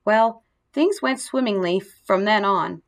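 A woman reads a children's storybook aloud with a gentle, expressive delivery. Her voice sits at an ordinary middle pitch, steady and clear for young listeners. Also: slow. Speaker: narrator. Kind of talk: storybook narration.

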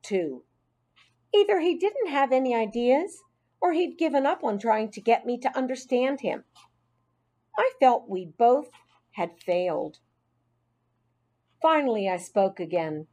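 A woman narrating a children's audiobook in an expressive, unhurried storytelling manner. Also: a little high.

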